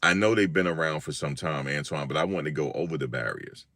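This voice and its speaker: A man's voice: very deep voice, fairly quick, no room sound, clean studio sound. A man from Virginia hosting a live stream, telling a story in a casual, slangy way and acting out what people said. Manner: animated slangy storytelling, acts out quotes.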